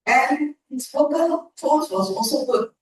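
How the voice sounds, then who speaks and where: A woman giving a measured, encouraging speech evaluation at a club meeting. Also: sits high, lively intonation. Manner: measured, encouraging feedback with pauses. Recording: echoey room from far off.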